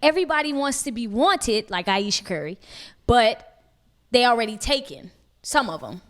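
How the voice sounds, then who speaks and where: Brief: woman podcast co-host, higher voice, lively pitch, slangy and laughing. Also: moderate pace. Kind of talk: casual chat.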